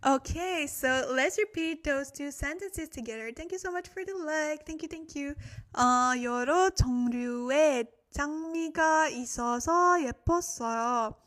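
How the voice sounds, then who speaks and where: A woman's voice: high-pitched, fairly quick, a bit bright. A young woman, a little tired, hosting a chatty language-study livestream, thanking viewers and laughing at her own slips. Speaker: Korean language livestream host. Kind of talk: casual livestream teaching.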